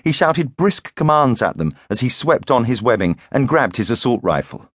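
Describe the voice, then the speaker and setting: A man narrating an audiobook thriller in a measured, grave storytelling manner. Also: mid-range voice, very animated, a bit bright, dry recording, clean studio sound. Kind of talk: scripted narration.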